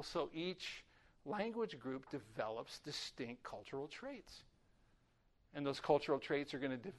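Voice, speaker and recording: An older man teaching a sermon in a storytelling way, acting out little scenes with lively voices. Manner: storytelling, acts out voices with rising pitch. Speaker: preacher.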